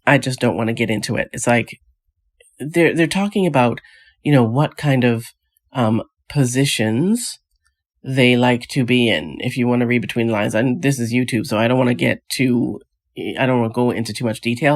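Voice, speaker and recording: A woman's voice: rumbling low, normal speed. Exasperated woman ranting in a casual vlog. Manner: exasperated, scoffing rhetorical questions; rambling with frequent restarts. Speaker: vlog host. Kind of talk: casual reality TV recap commentary.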